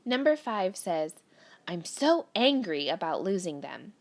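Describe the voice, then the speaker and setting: This recorded grammar lesson for children has a woman teacher with a lowish, sing-song voice speaking a little slowly. She patiently talks young students through a worksheet, reading each sentence out and explaining the steps.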